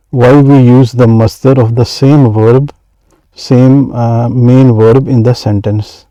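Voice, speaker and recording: A man teaching grammar in a hesitant, halting way, with frequent fillers and restarts. His voice is very dark and mellow, at an ordinary middle pitch. The sound is close and dry. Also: dry recording, low-quality recording. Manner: hesitant, many fillers and restarts, reads Arabic quickly then translates. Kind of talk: explaining lesson examples.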